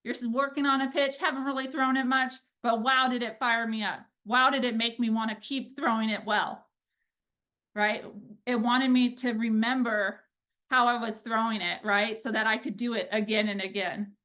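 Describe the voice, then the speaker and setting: A woman in her thirties, a pitching coach, giving an energetic coaching talk and often checking in with "right?". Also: normal speed. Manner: energetic, animated, peppered with "like" and "right?".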